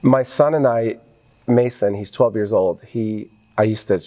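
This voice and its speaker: A man's voice: fairly low pitch, a little slow, dark tone. A middle-aged man, a podcast guest, talking earnestly and with some emotion about his family in a casual interview.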